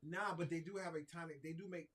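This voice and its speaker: A man's voice: on the high side, fairly even intonation, fast, fairly bright tone. A middle-aged man co-hosting a casual chat show, laid-back and joking. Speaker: co-host.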